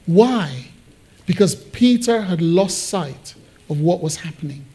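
A man preaching a sermon, explaining Bible verses and acting out the quotes with lively swings in his voice. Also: takes it slowly, breathy edge. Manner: animated, acts out Bible quotes with big pitch swings. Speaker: pastor. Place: church hall.

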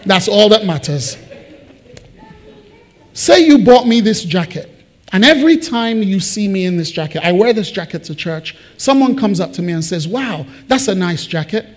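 A man preaching a sermon to his church, conversational and animated, with joking asides. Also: high voice, moderate pace. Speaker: pastor. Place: church building.

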